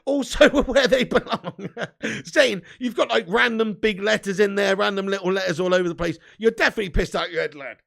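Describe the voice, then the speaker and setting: Young man, live-stream host, high gravelly voice, sweary banter. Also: fairly quick, fairly bright tone. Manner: banter with frequent swearing and laughter. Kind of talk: casual live-stream chat.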